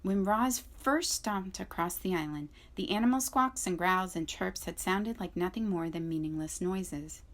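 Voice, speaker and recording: A woman's voice: fairly low pitch, moderate pace, hardly any pauses, a bit bright. Woman librarian reading a storybook. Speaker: school librarian. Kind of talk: children's book read-aloud.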